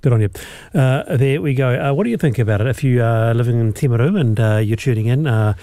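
A New man hosting live talk radio in a studio, chatty and quick to laugh. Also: mid-range voice, mellow, no room sound. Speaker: radio host.

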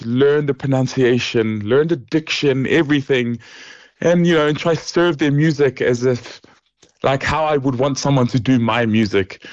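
A man's voice: medium pitch, no room sound, highs cut off. A man, an opera singer guest chatting in an interview over a remote line, laughing often and restarting sentences. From New Zealand. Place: hotel or home in Europe, remote.

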